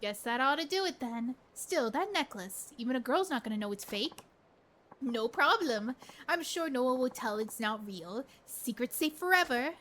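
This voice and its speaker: Bubbly, high-pitched woman streamer. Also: lively intonation, normal speed, fairly bright tone, slight background noise. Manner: bubbly, giggly, playful. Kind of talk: gameplay commentary.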